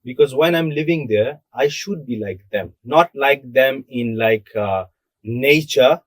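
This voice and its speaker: Man, young adult, mid pitch, emphatic, rhetorical questions, casual podcast talk. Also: unhurried, no room sound. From Bangladesh. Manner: emphatic, asks rhetorical questions and answers them. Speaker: podcast co-host. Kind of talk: casual discussion.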